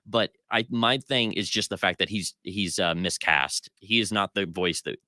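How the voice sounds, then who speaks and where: A man's voice: deep voice, moderate pace, pushed and bright, dry recording. A man co-hosting a casual pop culture podcast, giving opinionated critiques at length with plenty of fillers. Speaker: podcast co-host.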